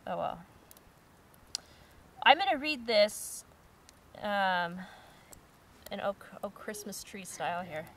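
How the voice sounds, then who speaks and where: A woman's voice: mid-range voice, a bit bright, a little hiss or hum. A woman hosting her channel, casually reading out viewer-submitted jokes and giggling at them. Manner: giggly, breaks into laughter while reading. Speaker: channel host.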